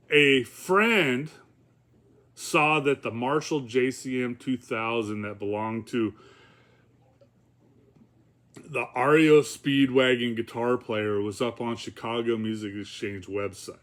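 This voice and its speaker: A man's voice: mid-range voice, slow pace, long pauses, a bit bright. A man talking casually in a rambling, profane vlog, with many fillers and chuckles. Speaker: vlogger.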